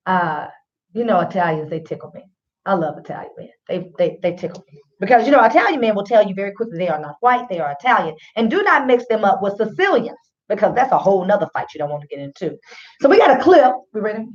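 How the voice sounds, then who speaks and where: Chatty woman radio host, a little muffled. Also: a little high. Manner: chatty, opinionated, addresses listeners as y'all. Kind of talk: casual commentary.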